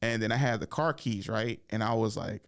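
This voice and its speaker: Gravelly-voiced male comedian telling a story. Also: on the low side, fairly quick. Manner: loose and slangy, acts out the people in his story. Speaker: comedian and podcast host. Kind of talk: casual comic storytelling.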